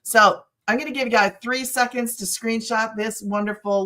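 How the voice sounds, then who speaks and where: A woman's voice: on the high side, steady tone, normal speed, few pauses, a bit bright. Chatty rambling middle-aged woman. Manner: rambling, chatty, with many asides. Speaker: online business host. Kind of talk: casual storytelling to a live audience.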